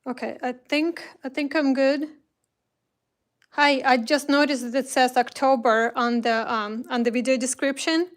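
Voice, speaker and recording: A woman's voice: high-pitched, steady tone, unhurried. A woman hosting a craft livestream, chatting casually, greeting viewers by name and rambling with restarts. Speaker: craft shop host.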